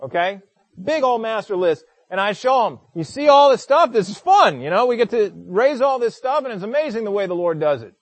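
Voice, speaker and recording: A man's voice: high voice, very animated, a little fast, no room sound. A middle-aged male pastor preaching a sermon, telling a personal story emphatically with frequent stammered restarts.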